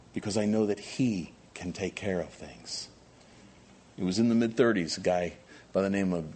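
Male pastor preaching; husky voice with a lively, swinging delivery. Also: lowish voice. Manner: animated, swings from quiet asides to loud emphatic questions. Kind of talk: sermon.

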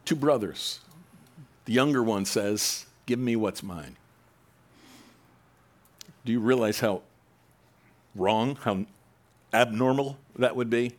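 Man preaching, reading scripture aloud. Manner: reads scripture slowly, then breaks off to comment with asides; acts out the quoted voices, rising loud and high for the angry sons.

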